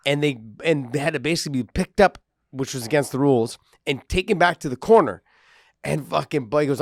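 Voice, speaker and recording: A man's voice: on the high side, fast, no echo, clean studio sound. A man, a podcast co-host and former fighter, telling fight stories in casual chat, swearing freely and acting out what people said. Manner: profane storyteller, acts out quotes.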